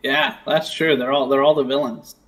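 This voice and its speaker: A man co-hosting a casual movie podcast, agreeable and quick to chime in. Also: medium pitch, fairly even intonation, a bit bright, rough recording. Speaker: podcast co-host.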